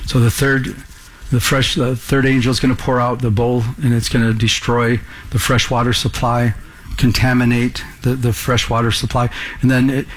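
Earnest preaching man, mid-pitched. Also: flat delivery, moderate pace. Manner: earnest, asks the room rhetorical questions. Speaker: pastor. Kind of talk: sermon. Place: room with a live congregation.

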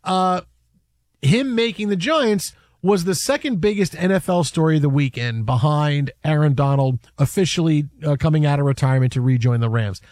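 A man hosting a casual sports chat, animated and rambling with restarts. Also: a little high, moderate pace, no room sound, studio quality. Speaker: sports podcast host.

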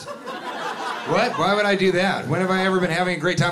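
A man doing a stand-up routine, animated, breaking into shouted, indignant rants. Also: high voice, fast talker, background noise. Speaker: stand-up comedian.

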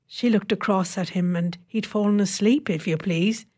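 A woman narrating a short story in a measured, wry storytelling voice. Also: mid-range voice, a little mellow. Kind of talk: reading a short story aloud.

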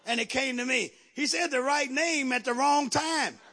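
A man preaching a sermon in a church, calling out to the congregation and rising to shouts. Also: very high voice, normal speed, few pauses, husky. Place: church sanctuary.

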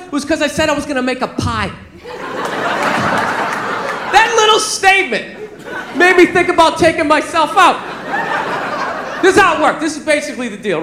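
A man doing a stand-up comedy set on a club stage, telling his stories in a blunt, conversational way. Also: very high voice. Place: comedy club stage before a laughing crowd. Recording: echoey, noisy live club recording.

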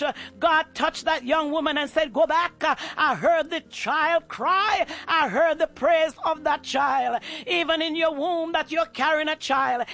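High-pitched gravelly man preaching with passion. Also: pushed and bright. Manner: passionate, fervent, with repeated "uh" fillers. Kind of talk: impassioned sermon and prayer.

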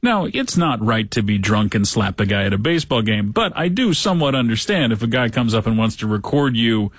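A man's voice: medium pitch, big pitch swings, brisk, breathy edge, dry recording. Wisecracking male talk host, dry sound. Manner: sarcastic, wisecracking asides. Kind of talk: comedic news commentary.

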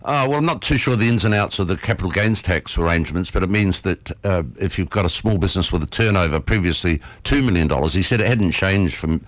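A man co-hosting community radio, explaining things in casual chat with many pauses and fillers. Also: sits low, no room sound. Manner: hesitant, many ums and uhs. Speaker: radio co-host.

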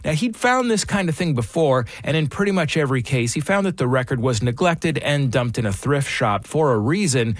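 A man hosts a music radio show from a studio, spinning a story with upbeat energy. His pitch rises and falls freely as he talks, and the sound is close and dry with no room echo. His voice sits at an everyday middle pitch. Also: lively intonation, a little fast, few pauses.

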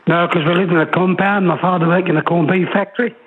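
A man from Kenya with a London accent, calling in to a radio show and chatting in an unhurried, plain way. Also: high voice, fairly even intonation, a little hiss or hum. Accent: London with Kenyan flavour. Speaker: caller. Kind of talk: phone-in chat. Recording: dull radio line.

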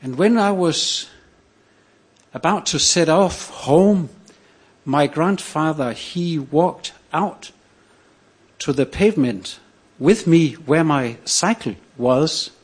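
An older man from Denmark, telling a personal story on stage in a measured, reflective way with pauses. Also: on the high side, expressive, slightly rough. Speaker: storyteller, priest.

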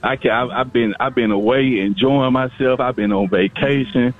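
A man calling in to a radio show, talking casually and haltingly and repeating his words. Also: mid-range voice. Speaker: caller. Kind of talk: casual phone-in chat. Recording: tinny phone line.

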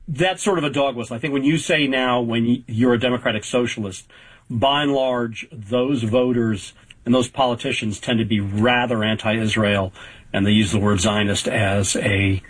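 A man in his fifties, a political reporter, giving measured, analytical answers as a talk show guest, with frequent fillers. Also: medium pitch, breathy edge, low-quality recording. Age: 50s.

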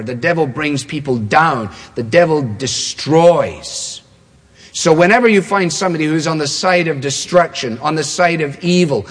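A man preaching a sermon with an emphatic, repetitive cadence. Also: on the high side. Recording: long hall reverb.

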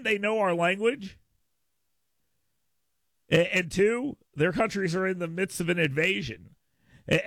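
Creaky, stammering talk radio host. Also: male voice, fairly high pitch, a bit bright, no room sound. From United States. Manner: stammers and restarts, doubling first words. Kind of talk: opinion talk radio monologue.

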